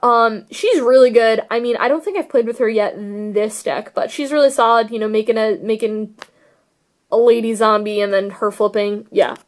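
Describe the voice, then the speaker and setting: A woman's voice: a little high, normal speed. A young woman casually chatting about her card deck, gushing and rambling with lots of fillers. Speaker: card game vlogger. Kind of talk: casual deck tech chat.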